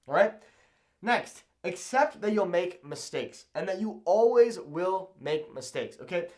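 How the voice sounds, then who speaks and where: An upbeat young man teaching to camera, his voice swinging widely in pitch and sitting a little high. He keeps a casual, encouraging tone and ends point after point with "okay?". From Southern California. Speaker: language learning YouTuber.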